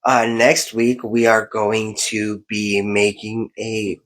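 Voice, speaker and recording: A man's voice: on the low side, level tone, slow, a bit bright, poor audio. A man in his thirties co-hosting a podcast, talking in a rambling, candid, self-reflective way. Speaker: podcast co-host. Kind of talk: casual podcast chat.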